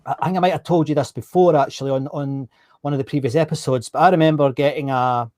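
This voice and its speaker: Scottish guy hosting a live stream, chatty, kinda high voice, dry close sound. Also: fairly even intonation, fast talker, darkish tone, dry recording. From Scotland. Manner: chatty, self-correcting, reads out viewer comments. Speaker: host. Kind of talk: live-streamed interview chat.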